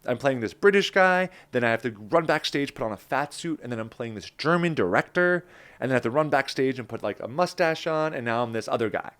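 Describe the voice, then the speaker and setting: Man, from New Jersey, interview guest, lively storyteller, quotes himself, casual. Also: mid-range voice, a little fast. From New Jersey, USA. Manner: animated, acts out his own past lines, many "like"s.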